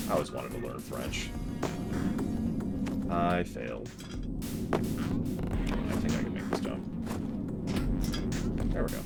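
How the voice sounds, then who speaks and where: A man giving joking, chatty commentary while streaming a game and reading out viewer messages, with loud game music behind. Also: rumbling low, slow pace, vocal fry, pauses often. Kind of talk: live gameplay commentary.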